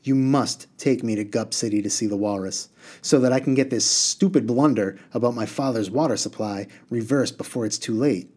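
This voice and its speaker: An earnest young boy from a storybook, polite but firm, pressing his questions and demands, as a man reading aloud voices him. he speaks plainly and with quiet determination. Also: medium pitch, normal speed, husky, lightly acted. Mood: determined.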